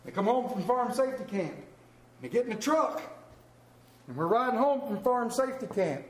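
A man's voice: very high voice, expressive, moderate pace. A man preaching a sermon as pastor, telling folksy stories and joking about himself. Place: church. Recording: echoey church room.

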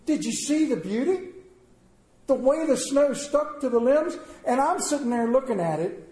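A man preaching a sermon, telling stories and swinging between quiet and loud delivery. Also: extremely high pitch, lively intonation, moderate pace. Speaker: pastor. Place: church sanctuary. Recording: roomy church echo.

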